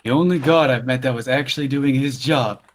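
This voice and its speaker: A man's voice: medium pitch, brisk. A man playing in a tabletop game, talking casually and asking questions. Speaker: player.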